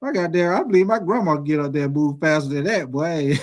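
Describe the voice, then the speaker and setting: A man in his forties hosting a sports video, telling stories in a profane, animated, casual rant. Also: a little high, moderate pace. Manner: profane, animated storytelling with lots of swearing.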